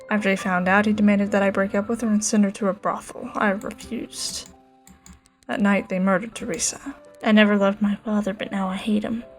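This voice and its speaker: A woman reading the lines of a heartbroken, bitter young male dragon rider in a game, in a subdued, halting way, with faint game music behind. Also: medium pitch, natural voice.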